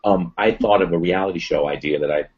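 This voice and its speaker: Low-voiced man telling a personal story. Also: fast. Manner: animated retelling, acts out quoted voices. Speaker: interview guest. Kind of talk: storytelling in a casual interview. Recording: dull lo-fi sound.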